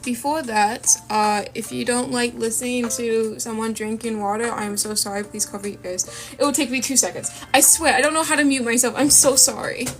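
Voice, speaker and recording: A woman's voice: on the high side, fairly even intonation, brisk. A woman chatting casually and rambling to viewers while she draws, sniffly from a runny nose. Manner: chatty, rambling, self-deprecating asides. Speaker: art streamer. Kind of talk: casual chat while drawing. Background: lofi music.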